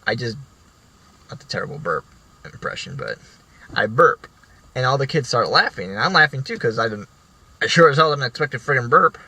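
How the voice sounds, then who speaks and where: A man's voice: mid-range voice, animated, brisk, pauses often, bright, forceful tone, breathy edge, poor audio. A young man casually telling rambling stories from school, with frequent restarts and some swearing. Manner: rambling, profane, many restarts. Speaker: vlogger. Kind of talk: casual storytelling.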